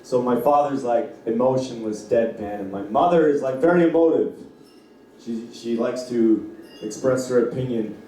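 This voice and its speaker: A man's voice: mid-range voice, moderate pace, dark tone, a little hiss or hum. A man from Canada doing a stand-up comedy set. He jokes loosely with the crowd and acts out voices of family members. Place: comedy club. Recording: echoey club heard from a distance.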